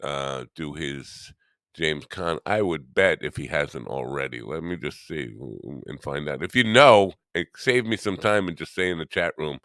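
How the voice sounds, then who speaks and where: A man with a very deep voice hosts a morning live stream, rambling and teasing his chat in a self-deprecating way. He sounds drowsy and half awake. The sound is dry and close, with no room around it. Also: expressive, a little slow, a bit bright, dry recording.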